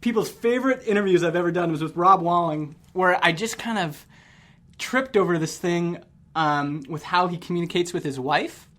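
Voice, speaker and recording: A man's voice: high-pitched, moderate pace, fairly bright tone. A man from Canada hosting a podcast, chatting casually and laughing often between rambling sentences. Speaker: podcast host.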